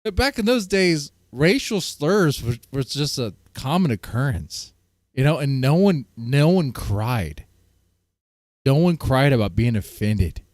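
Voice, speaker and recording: A male livestream host chatting with viewers in a loud, profane, heated way. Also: medium pitch, big pitch swings, a little slow, no room sound, studio quality. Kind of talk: casual livestream chat with viewers.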